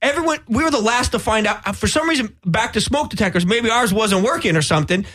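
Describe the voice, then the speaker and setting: A man co-hosting a podcast, telling a story in a loose, profane, animated way and acting out the quotes. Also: high voice, fast talker. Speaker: podcast co-host. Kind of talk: casual storytelling chat.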